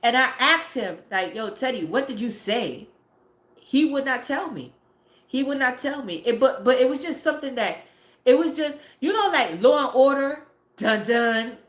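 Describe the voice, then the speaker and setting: A woman's voice: sits high, expressive, normal speed. Blunt, profane woman telling a story. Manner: blunt, profane, lots of fillers. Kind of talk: casual live storytelling. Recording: roomy echo.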